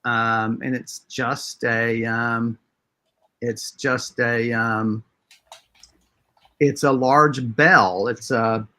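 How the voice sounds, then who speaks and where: A man runs a tabletop role-playing game, narrating the scene at an unhurried pace. He hesitates often and fills pauses with filler words while he works out what comes next. His pitch is in a middle range for a man. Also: steady tone, bright, forceful tone. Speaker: game master.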